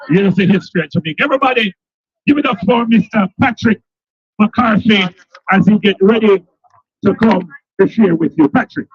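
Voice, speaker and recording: A man's voice: sits high, normal speed, slightly rough, muffled recording. A man with a Jamaican accent hosting a live stream from an outdoor street protest, rallying viewers and the crowd. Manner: rallying, repetitive, hypes the crowd. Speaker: livestream host at a protest.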